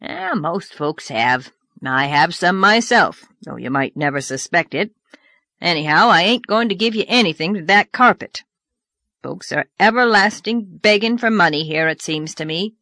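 A woman's voice: on the low side, lively intonation, normal speed, pushed and bright, no room sound, studio quality. A woman voicing a blunt, outspoken older farmer in an audiobook, growling and grumbling. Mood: grudging. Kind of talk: audiobook character voice.

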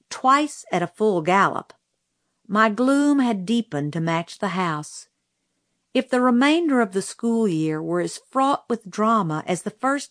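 A woman reading a novel aloud in measured storytelling narration, lightly voicing the characters. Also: mid-range voice, fairly bright tone, dry recording, clean studio sound. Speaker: audiobook narrator.

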